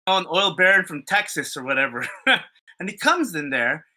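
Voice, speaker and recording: A man chatting on a podcast, spinning a story in loose, rambling fashion. His voice is very bright, and he swears freely and leans on fillers and restarts. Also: fairly high pitch, big pitch swings, moderate pace. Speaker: podcast co-host. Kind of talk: casual storytelling chat.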